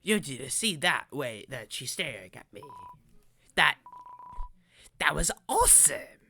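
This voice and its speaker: A woman voicing an excitable young monster boy for a game, in a low drawl that slides into a mock French accent. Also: unhurried, vocal fry, full character voice. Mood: excited. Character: excitable young boy monster kid, a hero-worshipping fan.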